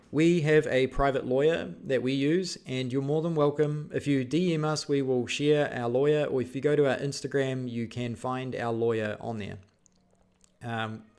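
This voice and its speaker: Gravelly man chatting on a live stream. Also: mid-range voice, a little mellow. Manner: reads viewer questions aloud, rambling with fillers. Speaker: vlog host answering live chat. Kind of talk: casual live-stream chat.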